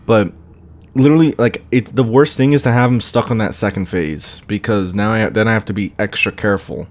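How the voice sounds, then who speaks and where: A man's voice: on the low side, fairly quick. A young man commenting on a horror game as he plays, talking to himself, groaning and exclaiming when things go wrong. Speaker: gameplay commentator. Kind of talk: let's play commentary.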